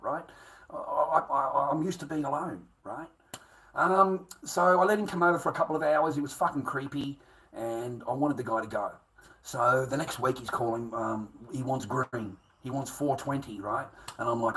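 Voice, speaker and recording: A man's voice: mid-range voice, a little fast, fairly bright tone, rough recording. A man telling a rambling personal story, swearing constantly and repeating himself. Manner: swears constantly, restless and repetitive.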